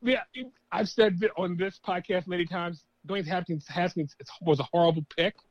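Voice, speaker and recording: High-voiced man chiming in on sports. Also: normal speed, no room sound, highs cut off. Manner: agreeable, chiming in with short replies. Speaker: podcast co-host. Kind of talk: casual sports chat.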